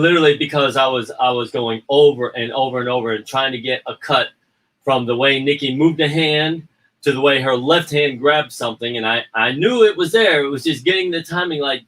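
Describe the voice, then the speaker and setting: A man's voice: mid-range voice, pushed and bright, distant mic, low-quality recording. A man chatting casually about editing his own film, rambling, repeating himself and acting out quotes. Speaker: indie filmmaker and editor. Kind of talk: casual livestream chat.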